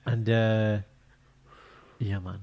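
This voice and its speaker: A young man co-hosting a casual podcast, telling animated stories and acting out quotes in a high voice. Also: drawn-out words. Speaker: podcast co-host. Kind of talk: casual chat.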